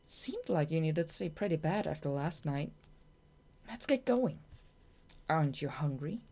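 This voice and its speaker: A woman's voice: low voice, animated, unhurried, dark tone, exaggerated voice. A woman reading an audiobook, voicing a self-assured young female bat with a dry, teasing manner. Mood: matter-of-fact.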